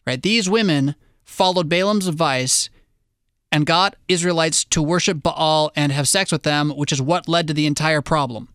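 A man preaching a sermon in a conversational way, with wry asides and quick digressions. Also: on the high side, a bit bright, clean tone, no echo, studio quality. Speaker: pastor.

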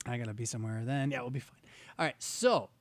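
A man's voice: medium pitch, fast, no room sound. A man giving conversational Bible teaching, rambling and self-interrupting, with wry asides.

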